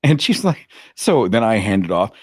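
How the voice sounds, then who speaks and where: Brief: low-voiced man, lively storyteller, dry close sound. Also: moderate pace, no room sound. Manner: animated, dramatic retelling. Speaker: podcast host, guest. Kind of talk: anecdotal storytelling.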